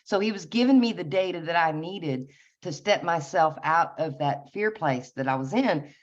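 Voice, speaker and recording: A woman casually telling a personal story, laughing often and restarting her sentences. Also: low voice. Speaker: guest sharing a personal story. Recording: dull lo-fi sound.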